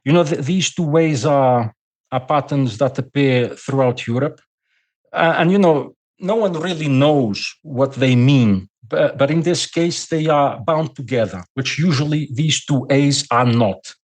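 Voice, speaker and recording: A man's voice: medium pitch, unhurried. Portuguese-accented man lecturing as a guest. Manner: lecturing, repeats words while thinking. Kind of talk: podcast conversation.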